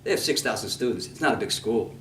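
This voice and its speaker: Animated rabbi, echoey room, far mic. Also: male voice, medium pitch, fast, slight background noise. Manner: animated storytelling, mixes Hebrew quotes and English. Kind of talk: sermon on scripture. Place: congregation hall.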